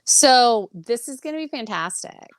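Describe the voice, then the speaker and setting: An excitable woman co-hosting a pop-culture podcast, laughing easily as she talks. Her pitch swings widely. The sound is close and dry. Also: unhurried, dry recording. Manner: excitable, laughs often, animated. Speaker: podcast co-host. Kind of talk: casual pop-culture chat.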